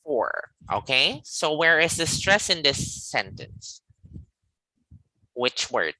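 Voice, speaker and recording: A man teaching English pronunciation in a live online class, patiently repeating phrases slowly for his student. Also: fairly high pitch, sing-song, pushed and bright, dry recording, rough recording.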